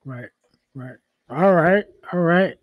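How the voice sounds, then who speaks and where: A man's voice: on the high side, slow pace, phone-quality sound. A man hosting a podcast, asking questions and leading into the next segment in a conversational way, with plenty of fillers. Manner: conversational, steering the talk with fillers. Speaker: podcast host. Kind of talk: casual interview talk.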